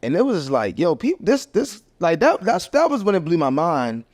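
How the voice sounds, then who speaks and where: A man's voice: a little high, normal speed, dry recording, clean studio sound. A man from Baltimore, a financial educator, talking as a guest in casual podcast chat, easygoing and full of "like" and "yo". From Baltimore, USA. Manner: relaxed, agreeable, fills with "like" and "yo".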